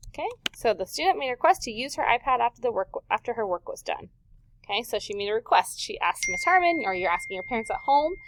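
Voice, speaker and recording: A woman teaching a recorded vocabulary lesson to young students, patient and clear, drawing words out slowly for the class to repeat and checking in often. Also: fairly high pitch, sing-song, noisy background. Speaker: elementary school teacher.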